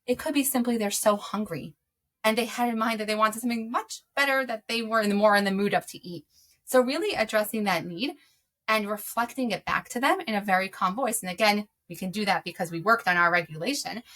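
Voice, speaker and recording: A woman talks earnestly about calming herself before reacting to her kids, as a guest in conversation. Her voice is bright and forward and sits at a middle pitch. She explains patiently and fills her pauses with ums. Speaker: guest parenting coach. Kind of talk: conversational advice.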